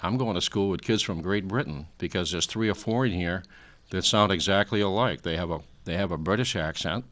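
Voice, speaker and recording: A man's voice: sits low, a little fast, hardly any pauses, fairly bright tone. A man in his sixties, a talk show guest, lecturing at length in a rambling way with many fillers. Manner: frequent fillers, trailing off.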